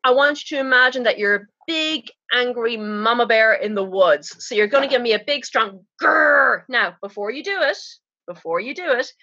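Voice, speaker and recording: Bright, husky-voiced woman coaching calmly. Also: fairly high pitch, normal speed. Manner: calm, instructive, coaxing. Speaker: pelvic floor expert guest. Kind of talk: guiding an exercise on a podcast. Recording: slightly dull, lo-fi podcast audio.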